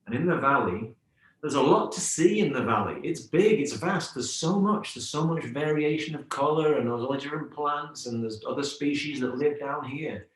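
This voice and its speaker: A man's voice: a little high, animated, moderate pace. A middle-aged man talking reflectively as a podcast guest, telling stories and analogies in a thoughtful way. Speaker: yoga teacher, podcast guest. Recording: roomy echo.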